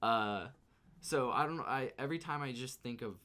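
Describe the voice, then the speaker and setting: An earnest man co-hosting a casual podcast, his pitch at an ordinary middle for a man. He laughs easily and swears in passing. His tone is sincere and relaxed. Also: moderate pace. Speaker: podcast co-host. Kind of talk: casual chat.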